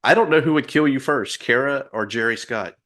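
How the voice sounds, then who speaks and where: A man's voice: mid-range voice, fairly quick, fairly bright tone. A man co-hosting a casual sports podcast, running through scores and news in a dry, matter-of-fact way. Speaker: podcast co-host.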